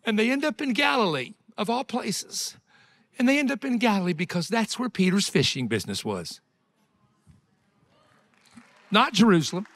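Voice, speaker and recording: A man preaches a revival sermon with fervent, emotional delivery, swinging between loud and hushed passages and adding conversational asides. His voice is high-pitched and brisk, with big swings in pitch.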